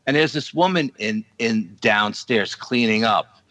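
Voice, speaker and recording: A paranormal investigator appearing on a podcast roundtable tells a long dream story with animation, acting out other people's lines. His voice is fairly low and unhurried, on a dry, rough recording.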